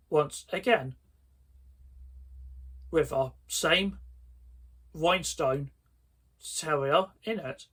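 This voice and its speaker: A man reads a children's horror story aloud, slow and deliberate, sometimes backing up over his words. His voice sits a little high and sounds bright, with a faint husky grain.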